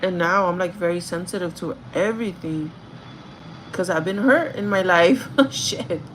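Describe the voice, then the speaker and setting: A woman's voice: fairly low pitch, normal speed, slight background noise, low-quality recording. A young woman livestreaming a casual get-ready-with-me chat, confiding in viewers, with lots of "like" fillers and some Spanish words mixed in. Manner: chatty, confiding, many "like" fillers.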